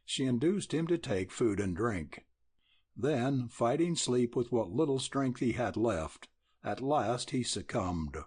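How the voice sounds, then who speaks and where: A man narrating an audiobook in an expressive reading style. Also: mid-range voice, breathy edge. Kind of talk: scripted narration.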